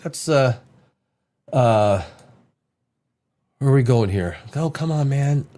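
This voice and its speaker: A man hosting a casual podcast who has a cold, rambling in an animated way, swearing casually and reading news items aloud. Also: mid-range voice, slow pace, long pauses. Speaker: podcast host.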